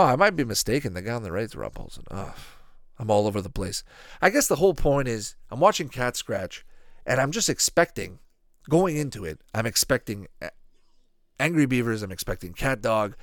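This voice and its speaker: A low-pitched man riffs casually while watching a cartoon, his voice swinging lively up and down. He rambles, swears now and then, and drifts between asides. The sound is dry and close, with no room echo. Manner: rambling, profane, animated asides. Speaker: cartoon reaction vlogger. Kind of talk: casual reaction commentary.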